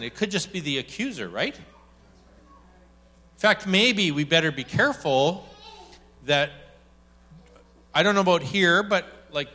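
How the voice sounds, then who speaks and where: Man, preacher, sermon, animated, joking, bright voice, higher pitch. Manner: animated and joking, acts out quotes. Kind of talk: sermon with storytelling.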